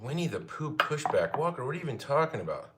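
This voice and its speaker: A man's voice: mid-range voice, sing-song, fast talker, heavy background noise. A young man hosts a laid-back cooking livestream from his home kitchen. He chats with viewers in a joking, easygoing way and laughs often. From Arizona, United States. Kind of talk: casual live chat reading comments.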